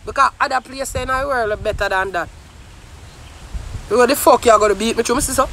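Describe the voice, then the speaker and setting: A young Jamaican man with an unusually high, sharp, bright voice delivers a heated monologue to his camera. He curses freely and keeps raising his voice to shouts, with faint noise behind him. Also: brisk, long pauses. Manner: heated, profane ranting, often shouting. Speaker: vlogger.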